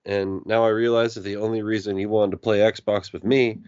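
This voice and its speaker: A man's voice: fairly low pitch, level tone, brisk, darkish tone, clean tone, no echo. A man co-hosting a podcast, telling rambling stories in casual chat and swearing freely. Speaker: podcast co-host. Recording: dull lo-fi podcast audio.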